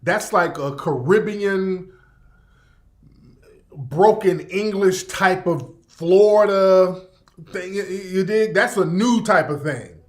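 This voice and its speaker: Talking slowly in a fairly high voice, a man runs his radio show as casual livestream commentary. He rambles, swears freely, and keeps circling back to the same points as he reacts to the chat.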